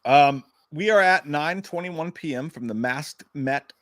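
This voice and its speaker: A man's voice: on the high side, unhurried, fairly bright tone, no echo. A man co-hosting a live movie podcast, riffing in a profane, rambling, casual way. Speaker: podcast co-host.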